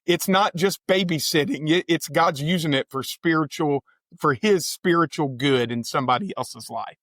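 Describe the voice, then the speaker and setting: A man's voice: a little high, normal speed, fairly bright tone, no room sound, studio quality. A man, a pastor hosting a church podcast, breaking in with earnest asides to listeners and stumbling over his starts. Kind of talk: conversational interview hosting.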